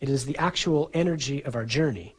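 Husky-voiced priest preaching. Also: male voice, mid-range voice, a little fast, low-quality recording. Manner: earnest, conversational preaching with chuckles. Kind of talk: sermon.

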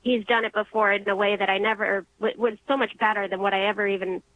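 A young woman calling in to share an emotional personal testimony, earnest and halting, restarting when moved. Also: medium pitch, fairly even intonation, no room sound. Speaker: caller. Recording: muffled phone line.

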